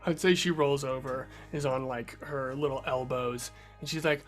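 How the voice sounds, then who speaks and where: A man's voice: medium pitch, fairly even intonation, moderate pace, hardly any pauses, soft background music. A man narrating a tabletop game as game master, in loose, rambling speech full of fillers.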